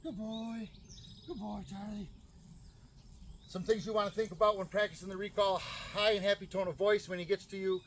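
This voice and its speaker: A male dog trainer explaining recall training outdoors in a calm, practical way. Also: quick pace, hardly any pauses, a little hiss or hum. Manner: calm explaining, bursts of high excited praise to a dog.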